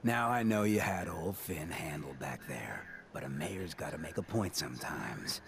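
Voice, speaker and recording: An actor playing a swaggering, smooth-talking male town mayor in a video game, with a gravelly, hushed, half-whispered delivery. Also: a bass voice, lively intonation, moderate pace, heavy background noise, heavily acted.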